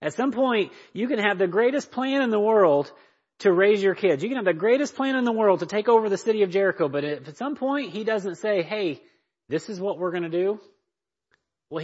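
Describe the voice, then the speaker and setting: A man's voice: sits high, expressive, fairly quick, slightly rough. A man teaching a church parenting class, speaking emphatically and often checking in with his listeners. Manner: emphatic, checks in with "right?" and "okay?". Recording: dull lo-fi recording.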